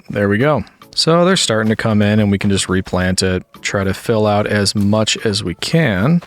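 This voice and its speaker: A man giving relaxed, chatty gameplay commentary, thinking aloud as he plays. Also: fairly low pitch. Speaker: gaming YouTuber.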